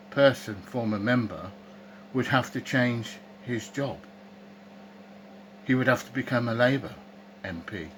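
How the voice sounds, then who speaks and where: A man's voice: mid-range voice, a bit bright, a little hiss or hum, low-quality recording. A man, delivering an opinionated monologue to camera, ranting, asking rhetorical questions and speaking scornfully. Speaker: political commentator.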